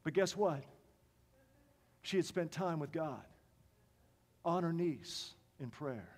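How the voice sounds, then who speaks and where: Impassioned high-voiced male preacher. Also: animated, takes it slowly. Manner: passionate, emphatic, swings to soft quiet tones. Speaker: pastor. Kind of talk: sermon. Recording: long reverb of a large hall.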